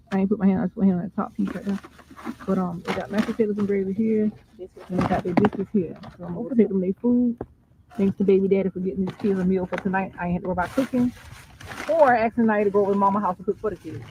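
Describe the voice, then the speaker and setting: A woman chatting informally in a home vlog, speaking to her kids and her viewers. The clip is recorded on a phone and has clear background noise. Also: mid-range voice, steady tone, fast talker. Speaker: vlogger in a played clip. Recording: noisy phone video clip.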